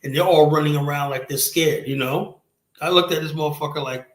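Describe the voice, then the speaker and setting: A man hosting a stream, talking bluntly and profanely and rambling, with a steady stream of "you know". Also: a little high, brisk. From United States. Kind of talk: casual stream talk. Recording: roomy echoey sound.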